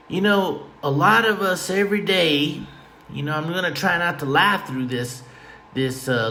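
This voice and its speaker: A man's voice: a little high, pushed and bright, slight background noise. A man hosting a podcast, talking in a folksy, tongue-in-cheek ramble that drifts off topic late at night at home. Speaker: podcast host. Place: room at home with a fan.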